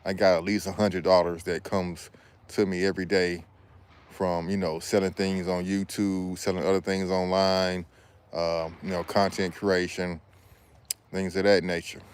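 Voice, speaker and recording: A man's voice: low-pitched, level tone, unhurried, smooth. A man who is a business credit consultant, talking in a casual, slangy, rambling way while vlogging outdoors. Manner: laid-back, slangy, rambling delivery. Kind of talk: casual outdoor vlog chat. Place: outdoors in a backyard hammock. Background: faint outdoor ambience with passing planes.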